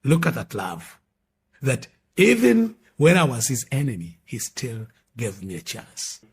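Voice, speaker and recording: A middle-aged male pastor, giving his testimony as an emphatic storyteller who swings between loud and hushed. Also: medium pitch, wildly swooping pitch, unhurried. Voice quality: very husky. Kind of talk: testimony sermon.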